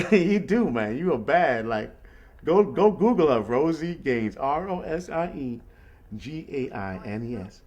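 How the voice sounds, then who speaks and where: Here a man speaks at medium pitch and a little slowly while hosting a laid-back call. His story of street-musician life wanders and stays animated, with frequent check-ins of "you know what I mean."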